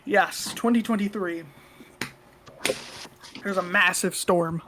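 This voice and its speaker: A woman recounts a story on a podcast in a loose, conversational way. She is blunt and swears freely, with a voice sitting in a middle pitch. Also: slight background noise. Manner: profane, blunt and animated. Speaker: podcast co-host. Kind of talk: casual storytelling.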